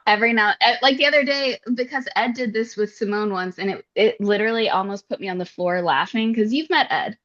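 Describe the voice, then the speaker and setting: A woman co-hosting a podcast tells stories in a casual chat, animated and expressive, laughing often. Her medium-pitched voice moves fairly quickly with hardly any pauses, and the audio is slightly dull.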